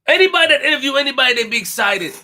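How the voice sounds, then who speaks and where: A young man with a very high, piercing voice hosts a live stream in a fired-up rant. He boasts and pushes every point hard, repeats himself, and stumbles over his words as he goes. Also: lively intonation, rapid-fire, bright, forceful tone.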